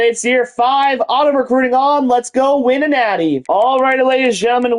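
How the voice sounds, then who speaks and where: High-voiced, hyped young gaming host. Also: male voice, rough recording. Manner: hypes up the game like a sportscaster. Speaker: video game channel host. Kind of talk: hyped gameplay commentary.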